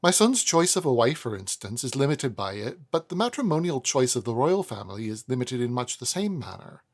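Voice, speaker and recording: A stately old woman holds forth on her family's noble blood, fond yet lofty, in a lilting, lively voice that a male reader puts on. Her tone climbs and falls a lot, with a gravelly grain beneath it. She sounds like a proud grande dame in a classic storybook. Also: brisk. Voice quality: raised pitch, put-on Welsh lilt.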